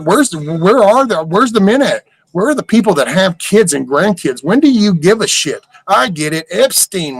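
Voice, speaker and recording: A man's voice: on the high side, fairly bright tone, no echo, poor audio. Profane older man ranting. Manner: rambling, profane, exasperated rhetorical questions. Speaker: livestream host. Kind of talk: casual ranting chat.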